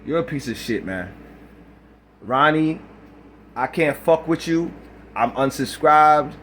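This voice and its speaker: A man's voice: fairly high pitch, lively intonation, takes it slowly, a bit bright, a little hiss or hum. A man recording a reaction video, ranting in a heated, profane way. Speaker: YouTuber.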